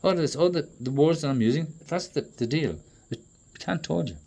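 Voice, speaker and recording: A man in a profane, rambling monologue that swings between loud outbursts and low muttering. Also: animated, normal speed, creaky. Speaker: traveling performer.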